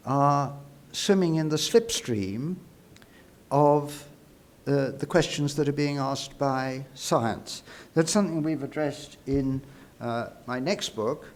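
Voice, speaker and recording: Measured, reflective man at a congress. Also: a little high, a little mellow. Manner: measured and reflective, with frequent "uh" fillers. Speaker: award-winning speaker at an academic congress. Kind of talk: prepared conference speech. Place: university congress room. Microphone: speaking into a podium microphone.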